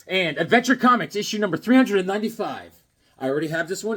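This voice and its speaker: A man in his fifties showing off his comic books in a casual joking vlog, acting out voices with sudden loud outbursts. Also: sits high, animated, fast, slightly rough.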